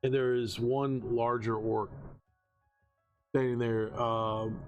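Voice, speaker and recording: A man narrating a tabletop game as game master, casual and halting, with many ums. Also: medium pitch, flat delivery, dull audio, soft background music. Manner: casual, hesitant with many fillers.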